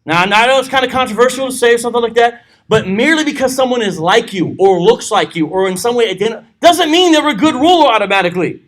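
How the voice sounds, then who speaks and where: A man's voice: extremely high pitch, animated, fast talker, few pauses, fairly bright tone. A man teaching a church Bible study, reading scripture aloud with joking asides. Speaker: pastor.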